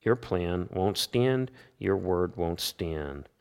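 A man with a fairly low voice walks his listeners through a passage of Scripture in the manner of a sermon. He leans on repetition and rhetorical questions to drive each point home. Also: expressive, slow, creaky, a little mellow, smooth. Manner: emphatic, asks rhetorical questions and answers them; repeats key phrases for emphasis. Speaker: Bible teacher. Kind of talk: expository Bible teaching.

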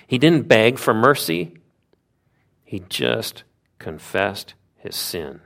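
A man preaching a sermon, retelling a Bible story with lively asides and rhetorical questions. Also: medium pitch, slow, creaky.

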